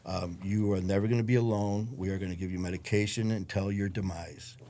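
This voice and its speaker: A man's voice: low-pitched, fairly even intonation, brisk, dark tone. A man, a guest telling his story in a blunt, profane way and acting out the voices of others. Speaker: interview guest. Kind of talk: storytelling in a casual interview.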